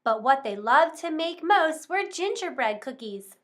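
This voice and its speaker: A woman reads a children's storybook aloud in a high, bright voice. Her telling is expressive and rhythmic. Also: measured pace.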